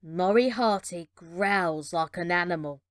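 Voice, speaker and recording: A woman reading a children's adventure storybook aloud with measured, dramatic narration. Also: lowish voice, no echo, studio quality.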